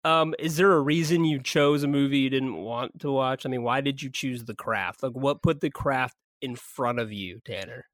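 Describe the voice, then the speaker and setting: A man co-hosting a movie podcast in casual chat, animated and laughing often as he acts out characters' lines. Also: medium pitch, moderate pace, few pauses, no echo, studio quality. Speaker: podcast co-host.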